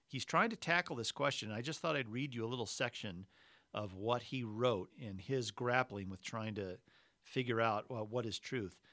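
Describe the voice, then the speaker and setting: A man preaching a sermon in a measured, conversational way, reading scripture and adding explanatory asides. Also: mid-range voice, sharp tone, no room sound, studio quality. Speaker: pastor.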